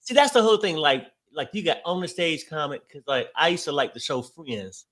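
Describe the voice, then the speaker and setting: A relaxed co-host in a casual chat, joining in the conversation easily. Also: medium pitch, a little fast.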